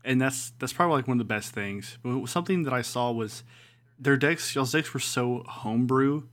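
A man's voice: mid-range voice, normal speed, a bit bright. A man co-hosting a casual podcast, chatting in an easygoing, enthusiastic way. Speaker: podcast co-host. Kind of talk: casual chat.

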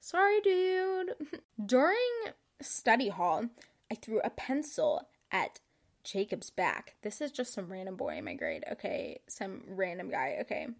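A woman's voice: mid-range voice, very animated, measured pace. A young woman hosting a podcast, reading her old journal aloud in casual chat, sarcastic and giggly, swearing freely. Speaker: podcast host.

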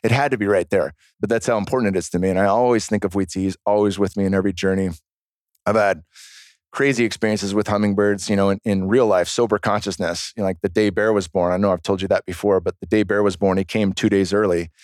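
A man guest on a podcast, telling stories in a casual, animated, profane way. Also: lowish voice, fast talker, dry recording, clean studio sound. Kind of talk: casual storytelling chat.

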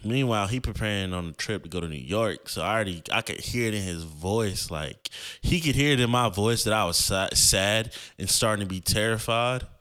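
Full of slang and fillers, a young man hosting a podcast rambles loosely through a personal story. His voice is fairly low, smooth, and resonant, with a sharp tone and brisk delivery.

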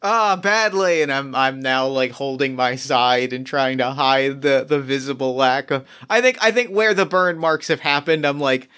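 Eager guy playing a tabletop game, lots of restarts, bright crisp voice. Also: mid-range voice, steady tone, normal speed, hardly any pauses. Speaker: player.

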